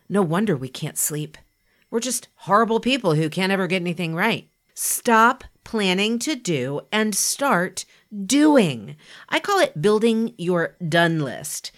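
A woman giving a scripted motivational talk, speaking in a lively, emphatic and conversational way. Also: fairly low pitch. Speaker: inspirational podcast speaker.

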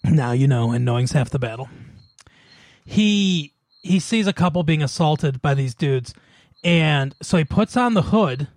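A man's voice: on the high side, lively intonation, measured pace, darkish tone, dry recording. A man co-hosting a podcast in casual chat, laughing often and rattling off lists. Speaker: podcast co-host.

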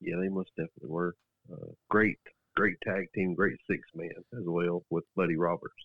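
Very low-voiced man on a tinny line. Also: fairly even intonation, moderate pace, dry recording. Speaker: podcast co-host. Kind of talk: casual chat.

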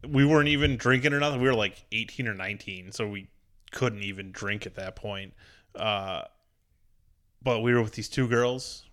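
A young man, telling stories in an animated way during a casual chat. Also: fairly low pitch, moderate pace.

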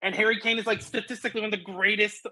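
A man who works in soccer, chatting casually on a podcast in an animated way, laughing often. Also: sits high, very fast, poor audio. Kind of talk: casual sports chat.

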